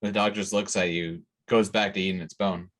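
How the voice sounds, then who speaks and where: A young man narrating a tabletop game as game master, describing scenes in a relaxed way with fillers. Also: low-pitched, a little fast.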